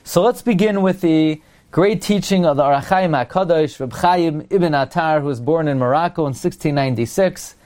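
A man, his carrying a lilt, gives a Torah class in a fairly high voice. He poses one question after another and slows down to read each verse. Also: a little mellow. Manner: asks rhetorical questions, quotes Hebrew verses slowly. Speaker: rabbi teaching Torah.

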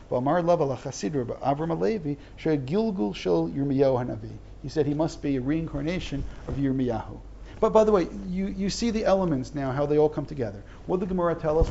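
This middle-aged man has a fairly high, creaky, mellow voice as he reads Hebrew text and translates it line by line in a study lesson. His explanations are earnest and full of false starts. The recording is dull and lo-fi, with a little hiss or hum.

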